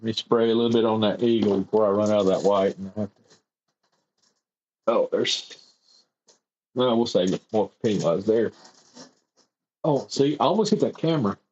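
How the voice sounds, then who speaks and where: A man's voice: lowish voice, moderate pace, pauses often, a little mellow, husky, dull audio. A man chatting casually and rambling as he airbrushes in his home workshop on a livestream. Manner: rambling, easygoing, self-deprecating. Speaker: airbrush artist streaming his work. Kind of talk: casual livestream chat while painting.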